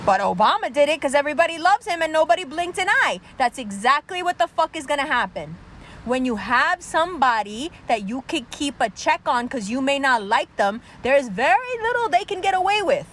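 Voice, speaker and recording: Fierce high-voiced woman ranting. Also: big pitch swings, brisk, fairly bright tone, a little hiss or hum. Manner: angry, sarcastic, heavy swearing. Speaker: political commentator. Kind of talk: profane political rant.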